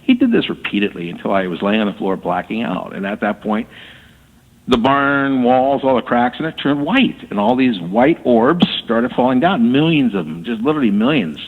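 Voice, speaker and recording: A man telling his story as a guest on a radio interview, halting and repeating words as he talks. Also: mid-range voice, lively intonation. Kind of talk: casual storytelling. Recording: tinny phone line with long reverb.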